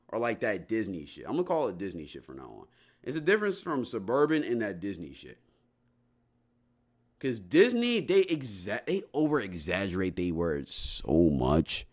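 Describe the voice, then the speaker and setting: A young man talks casually to his livestream chat. His voice sits fairly low but keeps leaping up and down with animated energy. He rambles in loose slang, restarting sentences as he goes.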